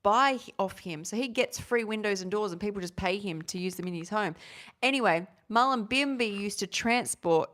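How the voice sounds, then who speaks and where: A woman's voice: medium pitch, a bit bright. Chatty woman vlogger, thirties, rambling live chat. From Australia. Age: 30s. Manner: rambling, chatty, self-interrupting, quick laughs. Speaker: vegan recipe vlogger.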